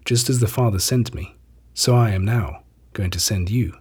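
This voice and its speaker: A calm and gentle Jesus, as a male reader voices him in a scripture reading. The voice is very husky and breathy, pitched on the low side. The delivery stays measured and solemn.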